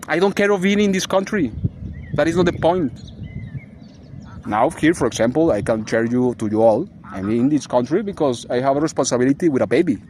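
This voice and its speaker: A man's voice: medium pitch, expressive, brisk, a little mellow, slight background noise. A man giving a rambling, agitated vlog monologue, swearing and laughing bitterly as he rants. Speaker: vlogger.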